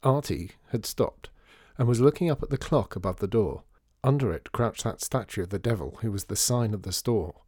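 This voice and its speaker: Male narrator, low voice, dry close read, measured and wry. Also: expressive, darkish tone, breathy edge, no echo. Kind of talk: storybook narration.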